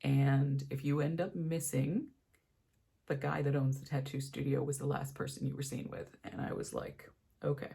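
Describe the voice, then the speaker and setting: Gravelly woman vlogger telling a story. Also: rumbling low, normal speed. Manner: animated storyteller, acts out quoted voices. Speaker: beauty vlogger. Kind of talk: storytime while doing makeup.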